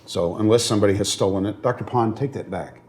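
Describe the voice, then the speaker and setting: A man's voice: on the low side, quick pace, noisy background. A man lecturing as a seminary professor in a classroom, earnest and at times emotional, often checking whether his students follow. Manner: earnest, grows emotional on moving points; frequent fillers and restarts.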